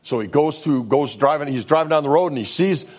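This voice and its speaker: A male pastor preaching a sermon, telling stories in a folksy way and swinging from loud to hushed. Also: fairly high pitch, brisk. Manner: folksy storytelling, says "man" often.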